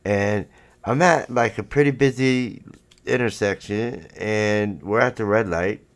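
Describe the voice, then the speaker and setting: Deep, gravelly man telling a rambling story. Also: measured pace. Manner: profane, rambling, says "you know what I'm saying" a lot. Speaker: livestream host. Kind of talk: casual storytelling on a livestream.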